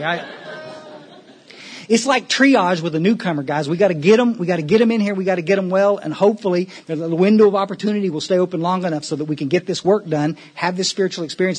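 A man with a drawl gives a talk at a recovery meeting, earnest and folksy, stumbling and repeating words as he goes. His voice is husky and sits a little high for a man.

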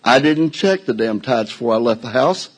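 A man's voice: medium pitch, lively intonation, normal speed, poor audio. An older man telling a story on stage to a live audience in a folksy, self-mocking way. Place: indoor venue before a live audience.

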